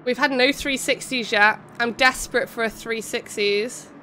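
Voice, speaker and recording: Calling a racing game event live, this young woman streamer keeps up a bubbly, giggly chat with her viewers between calls. Her pitch is a little high and her tone steady and sharp, delivered at a moderate pace over slight background noise.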